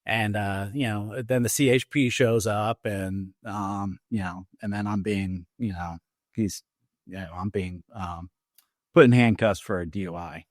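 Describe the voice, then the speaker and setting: A middle-aged man, an Army veteran, telling his own story as a podcast guest, in a halting way with many fillers and restarts. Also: fairly low pitch, fairly even intonation, dry recording, studio quality. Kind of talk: personal story told in an interview. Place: podcast studio.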